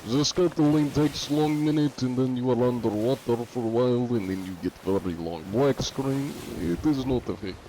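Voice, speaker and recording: A streamer voicing a big, boastful, deadpan Russian man in a put-on mock Russian accent with broken grammar. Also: mid-range voice, normal speed, hardly any pauses, a little hiss or hum, close to an everyday voice, poor audio. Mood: matter-of-fact. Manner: drops articles, speaks in broken grammar.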